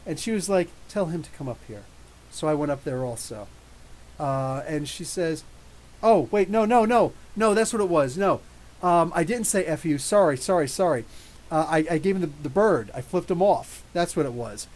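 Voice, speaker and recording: A man's voice: a little high, moderate pace, low-quality recording. Chatty man telling rambling stories. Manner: rambling, animated storytelling with laughs. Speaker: podcast host. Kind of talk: casual live chat reading viewer questions. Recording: faint hiss.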